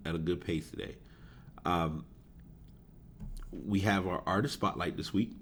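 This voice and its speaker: A man's voice: deep voice, takes it slowly, pauses often, a little hiss or hum. A man hosting his own podcast, talking casually and rambling, often correcting himself and chuckling at himself. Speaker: podcast host. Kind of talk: casual solo podcast talk about esports. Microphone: desk USB microphone.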